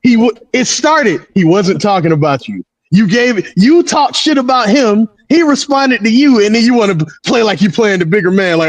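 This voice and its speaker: A man's voice: high-pitched, very animated, normal speed, dry recording. A man in casual wrestling chat, ranting with profanity and laughing often. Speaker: podcast co-host.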